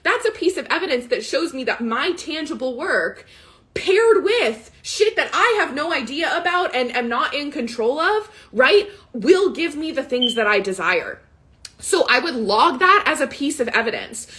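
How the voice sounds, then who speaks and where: A woman's voice: sits high, sing-song, moderate pace, fairly bright tone. A woman in her thirties hosting a live money coaching session, telling a personal story candidly and growing tearful, with frequent "like" and "right?". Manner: candid, emotional, often says "right?" and "like". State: tearful, close to crying. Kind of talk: casual live coaching talk.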